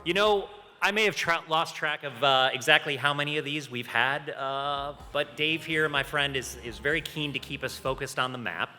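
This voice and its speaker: A man's voice: a little high, moderate pace, bright, forceful tone, in a large hall, faint music behind. A man co-hosting a conference contest on stage, playing the self-deprecating straight man in the banter. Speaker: co-host. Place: hotel conference hall.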